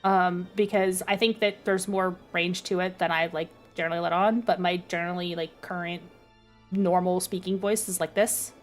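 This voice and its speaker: A young adult woman with a low, dark speaking voice, chatting casually on a stream with lots of fillers and self-deprecating asides. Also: steady tone, normal speed, faint music behind.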